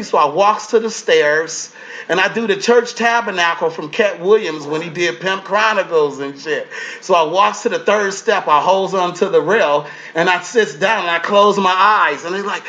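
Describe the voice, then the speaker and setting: A man, a comedian and guest, telling a story in an animated, profane way and acting out other people's lines in changing voices. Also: high voice, moderate pace, dull audio.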